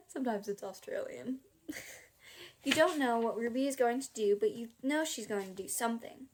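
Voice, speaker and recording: Woman reading aloud, a little high. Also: moderate pace, noisy background. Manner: casual, breaks off to chuckle and comment. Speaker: audiobook reader. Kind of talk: amateur audiobook reading.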